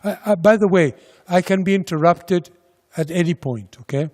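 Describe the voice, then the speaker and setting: A man giving a slide presentation about a funding agency's programs, speaking slowly and deliberately with pauses and fillers. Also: high-pitched, darkish tone. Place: lecture hall. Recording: lecture hall with long reverb.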